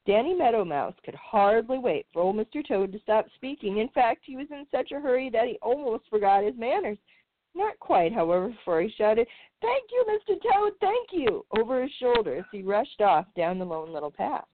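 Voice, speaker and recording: A woman host reading a children's storybook aloud in an expressive, lilting way. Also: medium pitch, fairly quick, few pauses, no room sound. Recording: tinny phone-like sound.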